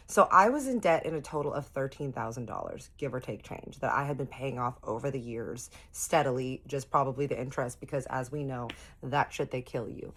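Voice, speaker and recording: A young woman vlogger telling a storytime tale in an animated, profane way, talking straight to her viewers. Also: very deep voice, a little fast, hardly any pauses. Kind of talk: casual storytime.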